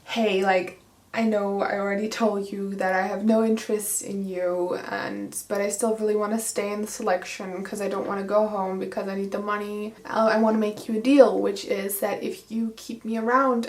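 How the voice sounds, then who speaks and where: A woman voicing a hot-tempered teenage girl contestant in a rapid rant, in an echoey room. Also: mid-range voice, flat delivery, close to an everyday voice. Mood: pleading.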